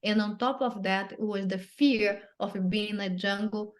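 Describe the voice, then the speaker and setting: A woman telling a personal story as an interview guest, earnest and halting, often repeating and restarting phrases, in non-native English grammar. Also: mid-range voice, steady tone.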